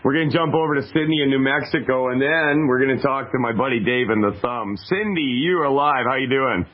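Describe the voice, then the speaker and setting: A man's voice: mid-range voice, brisk. A man hosting a call-in radio show, easygoing and joking with callers. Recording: dull, muffled radio audio.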